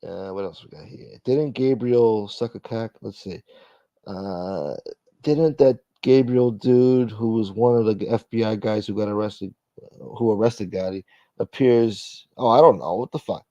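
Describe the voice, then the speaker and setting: Gravelly, profane man chatting on a livestream. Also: fairly low pitch, unhurried, warm tone, dry recording. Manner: profane, blunt, wisecracking. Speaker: livestream host. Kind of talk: casual livestream chat reading viewer comments. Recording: dull, lo-fi dry sound.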